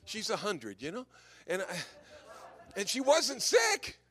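Older man preaching in a lively, high voice. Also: slow. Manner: lively storytelling, chuckles at own jokes. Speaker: visiting preacher. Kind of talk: anecdotal sermon.

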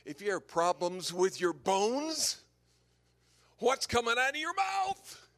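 An older man giving an anecdotal sermon as a visiting preacher, telling stories in a lively way and chuckling at his own jokes. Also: high voice, takes it slowly.

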